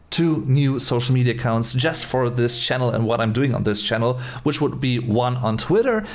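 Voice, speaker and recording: A man's voice: mid-range voice, lively intonation, moderate pace, a little hiss or hum. German man musing over pronunciation. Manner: hesitant, musing, repeats phrases while practicing. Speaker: channel host. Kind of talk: casual language-learning commentary.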